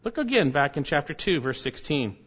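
A man's voice: on the high side, very animated, a little fast, fairly bright tone, husky. Emphatic preacher man, lo-fi recording. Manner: emphatic, rises sharply on key words. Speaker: pastor. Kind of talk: expository sermon. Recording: dull lo-fi recording.

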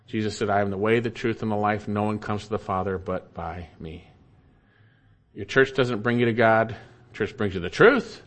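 A man preaching an expository sermon, emphatic and swinging between loud, lifted lines and low, quiet asides. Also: moderate pace. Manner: emphatic, rising and falling with emphasis. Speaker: pastor.

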